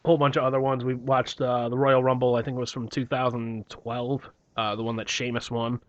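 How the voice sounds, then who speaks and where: A man's voice: medium pitch, flat delivery, fairly quick, dry recording. A young man co-hosting a podcast, telling rambling stories with lots of swearing. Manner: rambling storytelling, heavy swearing. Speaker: podcast co-host. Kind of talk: casual chat. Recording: dull lo-fi, dry.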